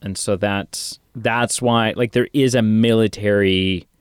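A man with a fairly low, smooth voice talks through a movie in a loose, halting way. He comes across clearly and closely, in a dry room with no echo. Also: steady tone. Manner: rambling, hesitant with many ums. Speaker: podcast co-host. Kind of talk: casual film discussion.

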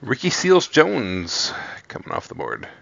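A man's voice: medium pitch, huge pitch swings, measured pace, gravelly, fairly bright tone, no echo. A man co-hosting a fantasy football podcast, chatting casually and upbeat while announcing his draft picks. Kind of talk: casual chat during a live draft. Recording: dry, dull lo-fi recording.

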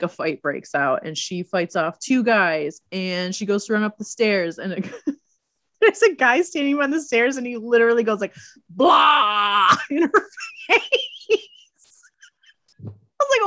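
A woman's voice: medium pitch, lively intonation, a little slow, a bit bright, no echo. Sarcastic woman recapping a movie. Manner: sarcastic, acts out quotes in silly voices. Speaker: podcast co-host. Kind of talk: casual chat recapping a movie.

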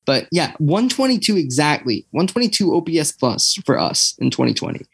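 A man's voice: a little high, big pitch swings, a little fast, gravelly, breathy edge, dry recording. A young man, chatting casually as a podcast co-host, rambling with lots of fillers and tangents. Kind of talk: casual chat.

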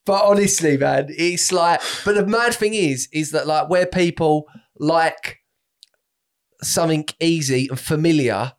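High-voiced man ranting animatedly. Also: measured pace. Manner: animated, swears freely, ranting. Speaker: comedy podcast co-host. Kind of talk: casual banter.

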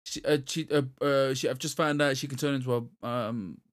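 A man's voice: mid-range voice, fairly even intonation, a little fast. A young man co-hosting a casual gaming podcast, rambling with lots of restarts and laughing at his own jokes. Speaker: podcast co-host. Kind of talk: casual chat about video games.

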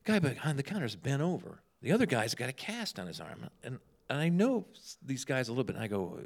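A man's voice: mid-range voice, fast talker, hardly any pauses. A man chatting casually, telling humorous stories and acting out the people in them. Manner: humorous, animated storyteller who acts out dialogue. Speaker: guest telling ministry stories. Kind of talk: casual storytelling chat.

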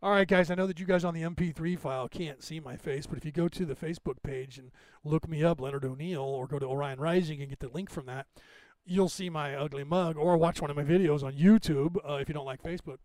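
A man's voice: fairly high pitch, quick pace, a little mellow, no room sound. A man in his fifties hosting a podcast, rambling casually through anecdotes and laughing often. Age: 50s. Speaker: podcast host.

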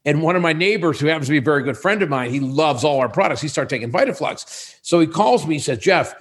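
A man's voice: on the high side, quick pace. A man in his sixties, a podcast guest, chatting casually and acting out the voices of people in his stories. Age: 60s. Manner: animated storyteller who acts out quoted dialogue. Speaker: guest, sexual wellness business owner.

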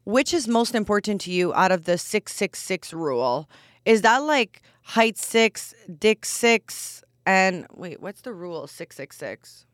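A woman's voice: mid-range voice, expressive, measured pace, no room sound, clean studio sound. A woman in her twenties hosting a casual solo podcast, talking candidly and bluntly with lots of "like" fillers. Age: 20s. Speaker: podcast host.

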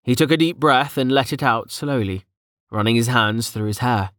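Reading a scripted audiobook story, a man speaks in a mid-range voice at normal speed with a steady, even delivery. The sound is studio quality, free of room sound.

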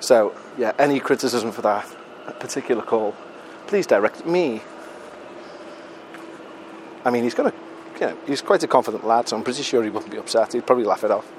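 A man's voice: mid-range voice, animated, brisk, a little hiss or hum. Breathless British man rambling outdoors. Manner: chatty, self-mocking, swears casually. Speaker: podcast host. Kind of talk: casual rambling chat while walking. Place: outdoors on a city street.

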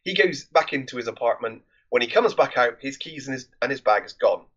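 A man's voice: medium pitch, lively intonation, fairly quick, fairly bright tone, lo-fi sound. A man hosting a film podcast, recapping a movie plot in a loose, rambling, conversational way.

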